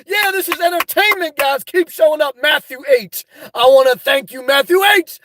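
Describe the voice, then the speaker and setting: A man hosting a livestream from inside his car, reading out viewer comments and answering bluntly, often breaking into loud, laughing rants. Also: very high voice, moderate pace, no echo, clean studio sound. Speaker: livestream host. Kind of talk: live-stream chat reading.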